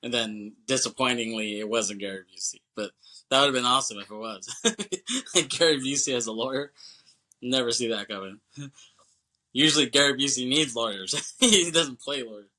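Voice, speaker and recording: A man of average pitch with a sharp, bright tone, talking as a podcast co-host. He recaps a movie in loose, jokey chat and laughs often. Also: normal speed.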